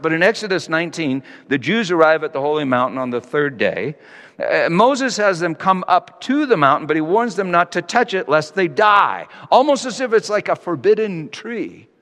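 Lively-voiced male preacher in a reverberant hall. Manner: reflective, wide-ranging pitch, slows for emphasis. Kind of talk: sermon.

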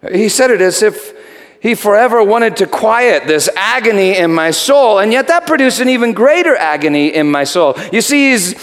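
Casting: man playing a guilt-stricken Roman governor, high voice that leaps wildly, shouts then whispers, in an echoing church hall. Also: lively intonation, moderate pace. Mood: haunted. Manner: swings between shouted outbursts and hushed whispers. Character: Pontius Pilate, guilt-haunted Roman governor, middle-aged man. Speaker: preacher performing a character monologue. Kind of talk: dramatic first-person monologue.

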